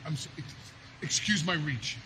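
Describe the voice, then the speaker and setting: A man's voice: a little high, unhurried, bright, forceful tone, slight background noise. A man speaking as a wrestling manager, stammering and pleading as he persuades. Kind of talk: persuasive backstage speech.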